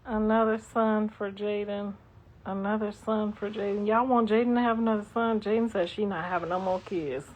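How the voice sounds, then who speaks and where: Over dull, lo-fi livestream audio, a middle-aged host chats and reads out comments with blunt, sassy profanity. Her voice is medium-pitched with a darkish tone, fairly even intonation, and a moderate pace.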